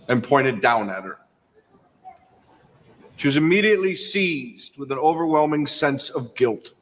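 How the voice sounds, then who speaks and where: A man's voice: mid-range voice, fairly bright tone. Guy telling a story, dry wry asides, long echoey reverb on the voice. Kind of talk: storytelling narration.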